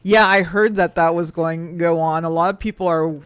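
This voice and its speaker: A man's voice: a little high, steady tone, fairly quick, fairly bright tone, clear, resonant tone, no echo. A man streaming a game, reading out chat messages and rambling in a hesitant way, laughing often.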